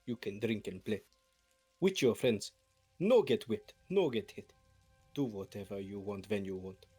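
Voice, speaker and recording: A man's voice: lowish voice, expressive, a little slow, a little mellow, breathy edge, faint music behind. An Australian man voicing a simple-speaking character who talks in short, broken sentences. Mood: coaxing.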